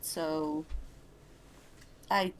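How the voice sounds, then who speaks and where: A woman's voice: sits low, fairly even intonation, very slow, slight background noise. A woman playing a tabletop game who talks in a hesitant, self-questioning way. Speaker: player. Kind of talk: casual tabletop play.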